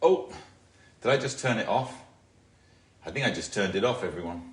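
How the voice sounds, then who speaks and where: Casual middle-aged guy from england, kinda low voice, upbeat and jokey on a live workout stream, faint music behind. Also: lively intonation, moderate pace, breathy edge. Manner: upbeat, chatty, greets viewers by name, jokes. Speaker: fitness instructor hosting a live session.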